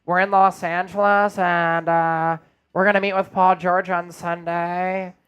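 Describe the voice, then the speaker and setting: A man doing an impression of a calm, analytical basketball executive in a measured, smooth voice. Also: high voice, muffled recording. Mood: smug.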